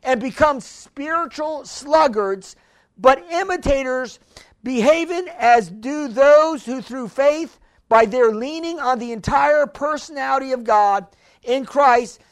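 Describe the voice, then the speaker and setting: High-voiced woman preaching with slow emphasis. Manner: emphatic, repeats key phrases, stumbles on restarts; slows down hard to stress lines. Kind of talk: sermon.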